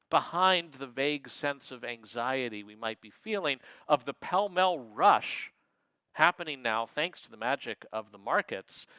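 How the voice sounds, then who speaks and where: A man lecturing in a wry, digressive manner, tossing in quick asides. His voice is bright and crisp, sitting a little high, and the sound is close and dry. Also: no echo, low-quality recording. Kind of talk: lecture talk.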